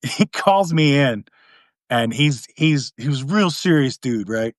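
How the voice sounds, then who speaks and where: A middle-aged East Tennessee man hosts a podcast, telling stories in a casual, animated way and acting out the voices of the people in them. His pitch is medium and his pace normal, recorded in a clean studio with no echo.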